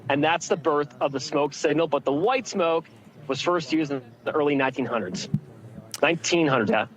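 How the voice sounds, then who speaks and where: Man, field reporter, fairly high voice, halting with many fillers, faint crowd murmur behind. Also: noisy background. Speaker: field correspondent. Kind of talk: live on-location report. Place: outdoors in a packed crowd.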